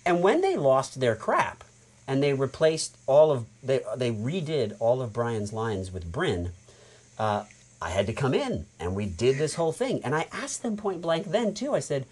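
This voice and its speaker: A man with an American accent, a voice actor guest telling animated stories in a casual podcast chat. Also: medium pitch, moderate pace. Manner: animated storyteller, acts out quotes.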